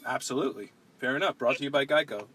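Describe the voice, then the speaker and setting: A man's voice: mid-range voice, quick pace, a bit bright, husky, poor audio. A man hosting a casual podcast chat, rambling with frequent restarts and pushing back on his guest. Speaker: podcast host.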